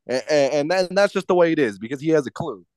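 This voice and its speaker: A man with a high, light voice rants through a casual podcast chat, swearing freely and tripping over restarts. The sound is dry and close, with no room around it. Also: animated, quick pace, darkish tone, no room sound. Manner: profane ranting with stumbling restarts. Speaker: podcast co-host.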